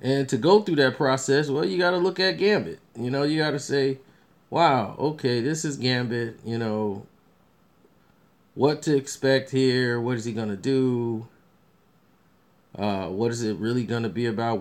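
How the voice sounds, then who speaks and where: A man's voice: mid-range voice, steady tone, moderate pace. A man talking casually about upcoming films as a review vlogger, rambling with many restarts and fillers. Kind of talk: casual movie commentary.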